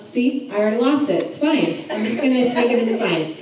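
A woman's voice: fairly high pitch, lively intonation, normal speed, few pauses, crowd noise. A woman giving a chatty, joking Bible lesson and laughing at herself. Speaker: Bible study teacher. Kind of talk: casual Bible teaching. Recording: echoey room from far off, faint noise.

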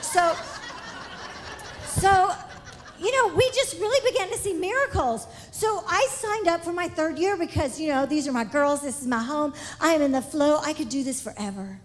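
A woman giving an exuberant missionary testimony in church, shouting praise and laughing often. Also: sits high, lively intonation, normal speed, slight background noise.

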